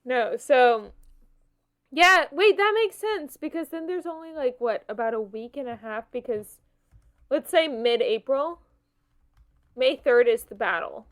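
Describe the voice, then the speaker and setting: A woman's voice: sits high, measured pace. A young woman co-hosting a podcast, chatting casually and looking things up as she talks. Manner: relaxed, reads snippets aloud while looking things up. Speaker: podcast co-host. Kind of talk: casual chat.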